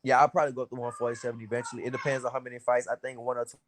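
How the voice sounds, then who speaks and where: A man's voice: medium pitch, level tone, very fast, background noise. A man with an American accent, a boxer chatting casually and slangily as a guest over a remote call. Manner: laid-back, slangy, "you know what I'm saying" fillers. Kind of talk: casual chat.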